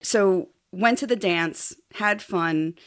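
A woman's voice: mid-range voice, slow pace. A middle-aged woman telling a rambling story in casual podcast chat, laughing often. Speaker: guest storyteller.

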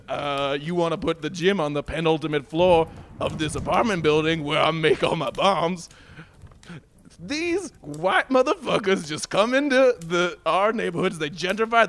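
A man's voice: on the high side, fairly bright tone. A man playing a grumpy longtime tenant who makes bombs, ranting indignantly in an improv comedy monologue. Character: older male bomb maker, grumpy tenant.

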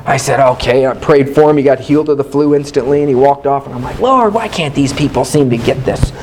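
A man preaching a sermon, telling a personal story in an animated, candid, self-mocking way and acting out his own past dialogue. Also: mid-range voice, quick pace, rough recording.

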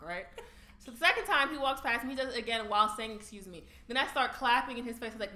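A woman with a bright, fairly high voice retells a run-in bluntly, with lots of swearing. The room is echoey, with faint noise underneath. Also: quick pace. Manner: blunt, profane, animated retelling. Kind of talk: casual storytelling chat.

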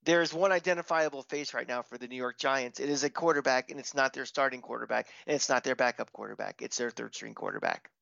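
A man's voice: medium pitch, quick pace, vocal fry, hardly any pauses, a bit bright, no echo. Rambling sports podcast man, dull mic. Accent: mixed Long Island and Florida. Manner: rambling, repeats "you know". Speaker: podcast co-host. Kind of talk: casual sports chat.

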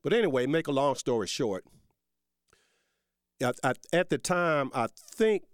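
This man hosts a talk radio show, rambling in a folksy way, addressing listeners as folks and turning emphatic and heated as he argues. His mid-range voice is smooth with lively intonation and a slightly slow pace, recorded in studio quality with no room sound.

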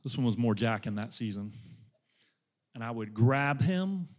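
A middle-aged man preaching a sermon as a pastor, moving from loud, impassioned exhortation to soft, hushed storytelling. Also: medium pitch, expressive, measured pace.

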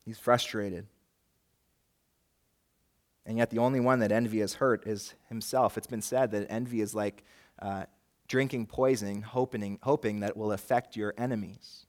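A man's voice: fairly low pitch, steady tone, moderate pace, pauses often, darkish tone. A man preaching a sermon as pastor, earnest and rising and falling in force, with a light joke now and then. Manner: jokes lightly with the congregation.

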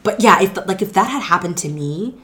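A woman co-hosting a podcast, chatting excitedly about a TV show and rambling with lots of restarts. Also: medium pitch, fairly quick. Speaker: podcast co-host. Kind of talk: casual chat about a TV show.

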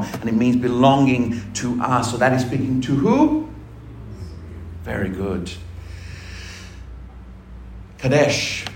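A man's voice: mid-range voice, darkish tone. A man preaching a sermon, emphatic, asking the congregation rhetorical questions. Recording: echoey room with faint ambient noise.

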